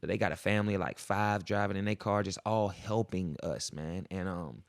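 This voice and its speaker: A young man spins a rambling road-trip story on his podcast, his voice low and gravelly. He talks in loose slang, jumping into other people's voices as he goes. The sound is dry and close, with no room around it. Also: normal speed, dry recording. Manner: slangy, animated, acts out quoted voices. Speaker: podcast host. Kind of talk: casual storytelling.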